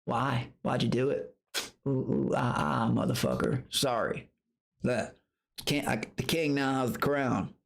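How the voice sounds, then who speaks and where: A man streaming live, telling a story in a profane, animated rant, breaking into high outbursts and greeting viewers from chat. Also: unhurried, creaky. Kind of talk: casual livestream rant.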